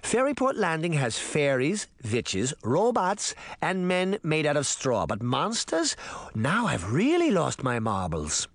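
A sharp old grandmother , put on by a male narrator, speaks in a high, lilting voice with a dry, sarcastic bite. The recording is close and dry, with no room sound. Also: wildly swooping pitch, measured pace, few pauses, no room sound, heavily acted. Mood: wry. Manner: sarcastic, lilting, raised falsetto.

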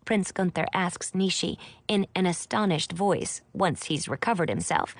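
A woman's voice: on the low side, normal speed, hardly any pauses, dry recording. A woman reading a first-person audiobook in a chatty, wry storytelling manner. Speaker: audiobook narrator.

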